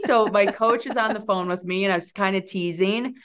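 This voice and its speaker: A woman in her forties, a guest on an interview podcast, telling a story in a lively way and jumping up in pitch when she quotes herself. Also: fairly quick, hardly any pauses. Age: 40s. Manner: animated, leaps high when quoting herself.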